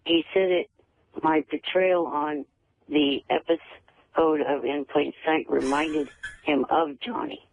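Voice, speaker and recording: A man's gravelly voice comes through a thin, tinny phone line. He talks haltingly, stumbling and repeating words as he calls in to a radio show. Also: fairly high pitch, fairly even intonation. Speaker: caller.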